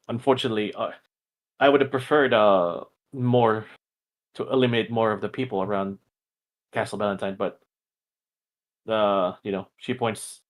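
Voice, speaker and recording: A man playing a tabletop game casually, hesitant with many fillers. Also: on the low side. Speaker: player.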